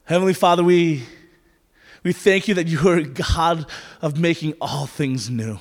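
A man's voice: a little high, normal speed. A man preaching a sermon as pastor, conversational with playful asides that turn to earnest prayer, in a church sanctuary. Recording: reverberant church hall.

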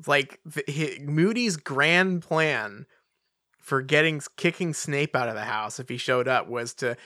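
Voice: mid-range voice, lively intonation, a little slow, bright, forceful tone, dry recording, clean studio sound. A podcast co-host in casual chat, mocking and incredulous, often breaking into laughter.

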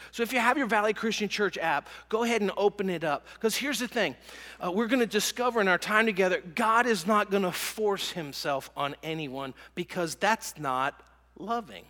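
A man's voice: high-pitched, moderate pace, bright, forceful tone, big-room sound. A middle-aged man giving a sermon as a pastor, telling stories conversationally with many fillers and restarts. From American South.

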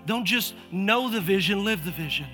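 A man preaching a lively sermon as pastor of a church, energetic and calling out churchgoers by name with repeated urging. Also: sits high, normal speed, faint music behind. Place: church auditorium.

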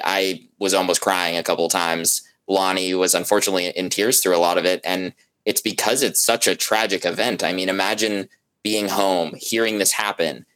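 A man, a journalist, talking as an interview guest in a halting, conversational way. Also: low-pitched, a bit bright, low-quality recording. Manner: halting, many fillers and restarts, conversational.

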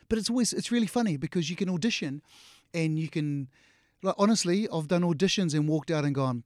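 Middle-aged kiwi bloke yarning in an interview, acts out the quotes, laughs a lot, pretty high voice, dry sound. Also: male voice, brisk, darkish tone, dry recording. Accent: New Zealand. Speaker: actor, guest. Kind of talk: casual interview storytelling.

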